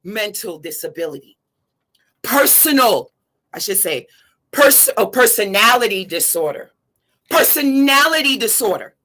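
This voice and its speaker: A woman hosting a live stream, talking in a dramatic, chanting way, repeating phrases and swinging between shouts and hushed words. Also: mid-range voice, animated, unhurried. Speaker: livestream host. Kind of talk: live-streamed spiritual monologue.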